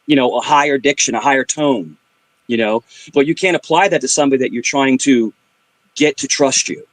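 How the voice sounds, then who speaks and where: A man's voice: mid-range voice, a little fast, dry recording. A middle-aged man telling funny stories in casual chat, full of sound effects and switching between voices. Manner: animated storyteller with vocal sound effects and voice switching. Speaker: livestream guest.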